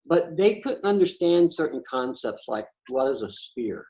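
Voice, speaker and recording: A man's voice: mid-range voice, big pitch swings, moderate pace, darkish tone, poor audio. A man talking in a casual, conversational storytelling style, blunt and profane, often stammering and restarting his sentences. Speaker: patio chat host.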